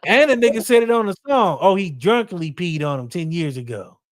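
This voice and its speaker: A man's voice: high-pitched, lively intonation, fairly quick, no echo, clean studio sound. A man hosting a podcast in casual chat, laughing easily and reading out headlines. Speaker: podcast host.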